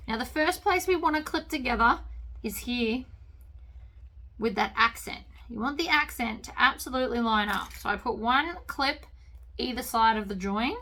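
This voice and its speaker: Her pitch is fairly high and her tone sharp, with slight background noise and a sewing machine going. Hosting a casual sewing lesson, this woman chats away, talks to herself mid-stitch, and sounds delighted with how it's turning out.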